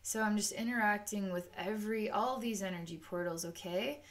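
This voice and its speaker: A woman's voice: mid-range voice, moderate pace. Woman psychic reader; rambling, filler-heavy delivery that drifts into quoted asides. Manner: rambling and unscripted, with many "um"s and "like"s; acts out the chakras in quoted asides. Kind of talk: spoken energy-healing session.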